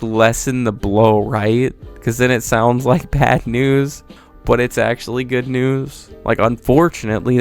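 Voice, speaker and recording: Gravelly man ranting comedically. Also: mid-range voice. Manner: profane, rambling, mock-incredulous. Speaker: video creator. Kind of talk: comedic monologue.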